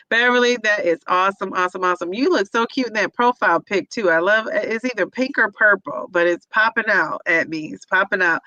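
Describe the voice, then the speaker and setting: A woman's voice: mid-range voice, bright, forceful tone, no echo, low-quality recording. A woman hosting a casual livestream, reading viewers' comments aloud and cheering each of them on by name.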